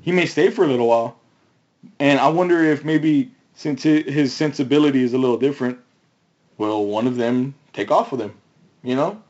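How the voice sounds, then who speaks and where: A man's voice: mid-range voice, moderate pace, darkish tone, muffled recording. A man co-hosting a casual chat, rambling in loose runs and laughing often. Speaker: podcast co-host.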